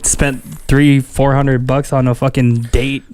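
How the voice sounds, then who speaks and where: A man's voice: mid-range voice, little pitch movement, unhurried, darkish tone, clean tone. A man hosting a casual podcast, swearing, laughing and doing voices as he tells stories. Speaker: podcast host.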